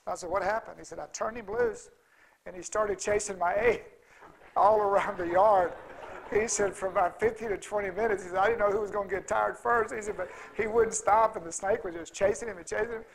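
A man's voice: sits high, steady tone, fast, creaky, low-quality recording. A middle-aged man telling a rambling, folksy story at a conference, full of restarts and fillers. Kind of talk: casual storytelling talk.

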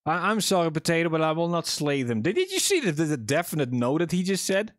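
A man's voice: fairly high pitch, big pitch swings, fast talker, no room sound, clean studio sound. A young man chatting casually to viewers while livestreaming a game, joking and swearing as he plays. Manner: chatty, profane, jokey self-talk to viewers. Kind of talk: casual gaming livestream chat.

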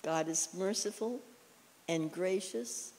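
Her voice sits on the low side and moves at a slow pace as she preaches a casual, story-driven sermon in a church. Each phrase dissolves into a long echo, and her folksy style is sprinkled with frequent "you know"s.

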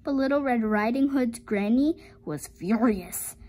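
A woman reading a fairy tale aloud, slow and unhurried, her pitch rising and falling in a lively, storytelling way. The voice sits fairly high but sounds mellow and soft, and she breaks off now and then to chat with her viewers. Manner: expressive storytelling, chatty asides to viewers. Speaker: storybook reader.

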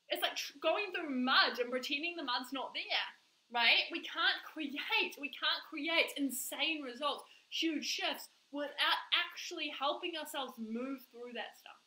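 A woman coach talking straight to camera, emphatic and animated, often acting out quoted voices. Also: high-pitched, a little slow, roomy sound, rough recording. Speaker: life coach. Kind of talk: direct-to-camera vlog talk.

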